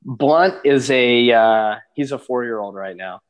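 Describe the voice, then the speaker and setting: A man's voice: mid-range voice, measured pace. A man from Alaska, a dog musher, chatting as a guest in an easygoing, rambling way with lots of fillers. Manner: relaxed, rambling with many fillers. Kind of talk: casual interview chat.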